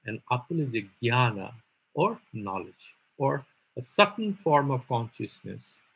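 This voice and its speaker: Gravelly, husky man teaching. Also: medium pitch, fairly bright tone, poor audio. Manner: patient explaining with rhetorical questions and repeated terms. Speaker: Vedanta teacher. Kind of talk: live online philosophy class.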